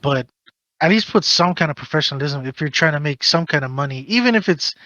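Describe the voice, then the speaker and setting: A man's voice: fairly high pitch, expressive, fast, bright, forceful tone, dry recording, dull audio. A man hosting a casual podcast, ranting animatedly and swearing while giving advice. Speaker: podcast host.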